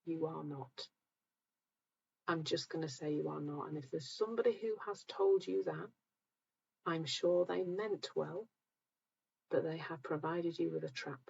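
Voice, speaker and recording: Calm, husky woman with creaky voice. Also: low-pitched, unhurried, long pauses, lo-fi sound. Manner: calm, gentle, reassuring. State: tired, low energy. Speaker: host of a live session. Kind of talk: live-stream talk answering viewer comments.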